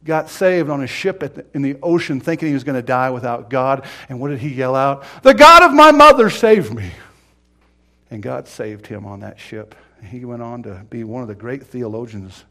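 A man preaching a sermon, swinging from loud cries to hushed whispers and acting out the people in his stories. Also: moderate pace. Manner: acts out quoted cries in a high strained voice.

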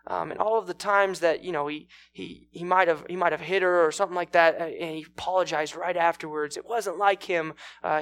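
Gravelly man retelling a story. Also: on the high side, a bit bright. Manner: informal, with fillers and restarts. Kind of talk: dramatic storytelling sermon.

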